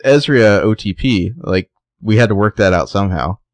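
A man's voice: on the low side, moderate pace, no room sound. A man co-hosting a casual chat, recapping a TV episode and acting out the characters' lines. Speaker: podcast co-host recapping a TV episode.

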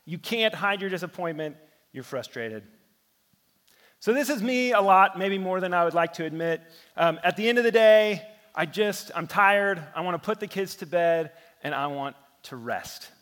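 A man in his thirties preaching a sermon, telling everyday stories and often dropping to a hushed voice for effect. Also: high voice, lively intonation, normal speed, in a large hall. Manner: storytelling preacher who drops to a hush for effect. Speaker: pastor.

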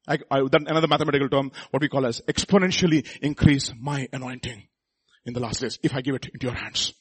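A man preaching a sermon, swinging between quiet asides and loud exhortation and calling the congregation to repeat after him. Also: medium pitch, steady tone, fast talker, husky, dry recording. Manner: calls the congregation to repeat lines.

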